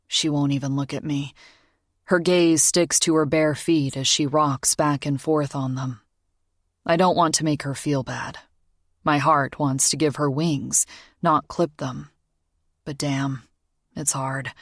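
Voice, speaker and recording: A low-voiced woman reads a romance audiobook in a measured, intimate first person. Her delivery is steady and quiet. The recording is dry and close, with no room sound. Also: no echo. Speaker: audiobook narrator. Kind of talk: scripted narration.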